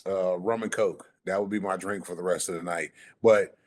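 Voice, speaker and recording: A man's voice: low-pitched, fairly even intonation, normal speed. Laid-back man telling a story on a podcast. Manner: laid-back, profane storytelling that drawls at times. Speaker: podcast host. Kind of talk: casual chat.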